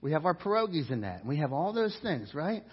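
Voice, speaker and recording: Husky preaching man in a hall. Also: a little high, fairly quick. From Pittsburgh. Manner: animated preaching with voiced quotes and asides. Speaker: pastor. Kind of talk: sermon. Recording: dull recording in a reverberant hall.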